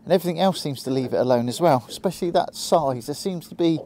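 An easygoing man with a Hampshire accent chats his way through a fishing trip from a small boat, his voice a touch high but mellow and soft-edged. Faint outdoor noise hangs behind him. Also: fast talker. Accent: Hampshire English. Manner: chatty and easygoing, talks to the fish and the viewer. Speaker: angler vlogger. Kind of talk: casual running commentary while fishing.

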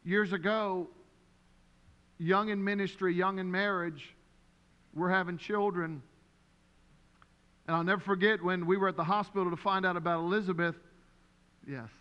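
A man preaching a sermon as pastor, telling stories in an animated way and acting out the voices of the people in them. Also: sits high, normal speed, long pauses, smooth, lo-fi sound. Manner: animated, storytelling with acted-out voices. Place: church sanctuary. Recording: long hall reverb.

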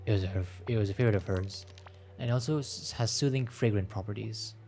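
A man voicing a gentle, patient old grandfather in a game, speaking in a slow, measured, solemn way. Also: on the low side, a little hiss or hum, lightly acted.

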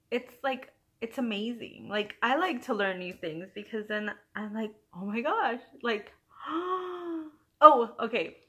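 A young woman hosting a knitting vlog, chatting casually at home and telling an anecdote with frequent giggles and playful voices for her friends. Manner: animated, giggly, quotes friends in higher voices. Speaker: knitting podcast host.

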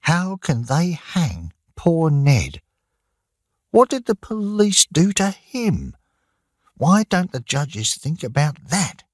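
A woman's voice: sits low, big pitch swings, slow, darkish tone, no room sound, studio quality, pitched above the performer's own voice, full character voice. A man voicing an angry young woman, the outlaw's sister, firing off indignant questions in a storybook reading.

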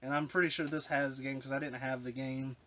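Speaking quickly in a medium-pitched, slightly bright voice with flat delivery, this vlogger unboxes retro games from his collection. Emotion gets the better of him and his sentences keep trailing off, while hiss and clicks sit in the background.

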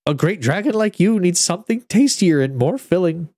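A man's voice: high-pitched, lively intonation, moderate pace, darkish tone, no room sound, pitched above the performer's own voice. A man voicing a small, timid but brave owl knight in a children's story, earnest and nervous.

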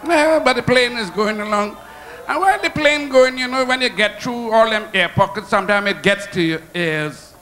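A man with a Trinidadian accent telling stand-up jokes on stage, animated and laughing at his own punchlines. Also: sits high, moderate pace. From Trinidad and Tobago. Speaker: stand-up comedian. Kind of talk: stand-up comedy storytelling. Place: comedy show stage.

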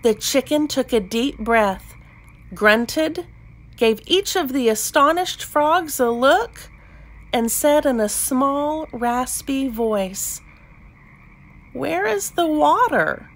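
Unhurried woman reading a picture book. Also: high voice. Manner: gentle, unhurried, expressive. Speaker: storybook reader. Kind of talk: children's read-aloud narration.

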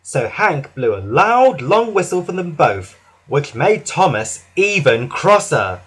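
A man reads a children's storybook aloud with lively, expressive pitch. His voice is slightly husky and sits a touch high. He restarts now and then as he reads. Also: takes it slowly. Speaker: narrator. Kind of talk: storybook narration.

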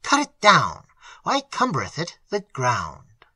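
A hoarse old pastor, as an audiobook reader puts him on, speaks with fervent, emphatic conviction. The voice is husky and bright, rising and falling dramatically. The recording is dry and close. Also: medium pitch, wildly swooping pitch, takes it slowly, no echo, exaggerated voice.

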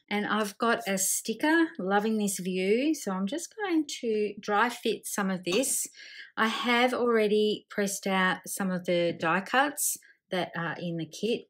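Australian woman hosting a craft tutorial: relaxed, chatty, talks through each step as she works. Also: medium pitch. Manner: relaxed, chatty, thinking aloud while working. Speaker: scrapbooking video host.

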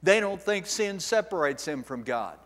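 Male pastor, sermon, high voice, emphatic, rhetorical questions, long church-hall reverb. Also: very animated, moderate pace, fairly bright tone. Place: church sanctuary.

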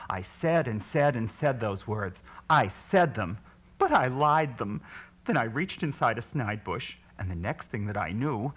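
A man reading a children's story aloud, with a husky voice, dramatic delivery that swings from hushed lines to shrieks. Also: mid-range voice, lively intonation, a little slow.

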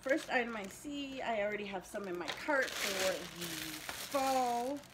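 A woman's voice: on the high side, a little slow. Chatty woman unboxing with background noise. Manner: chatty, enthusiastic, talks baby-talk to her dogs. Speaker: beauty channel host. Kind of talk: casual unboxing vlog. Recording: home video with clear background noise.

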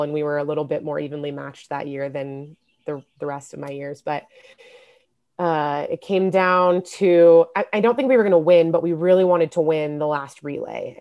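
A young adult woman, a guest on a podcast interview, telling stories in a casual, lively way and laughing often. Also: sits low. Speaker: interview guest, former college swimmer. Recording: podcast audio.

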